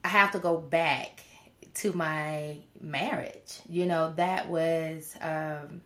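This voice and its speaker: A woman's voice: low voice, steady tone, slow pace, fairly bright tone. A woman guest on a podcast, speaking casually and hesitantly with many fillers. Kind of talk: casual conversation.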